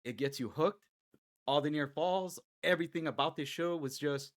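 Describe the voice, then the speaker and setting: A man with a slightly higher-than-usual voice gives his honest take on a podcast. He leans hard on his points and is frank and emphatic. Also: moderate pace. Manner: candid and emphatic, building to loud enthusiasm. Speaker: podcast co-host. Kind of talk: casual wrestling podcast chat.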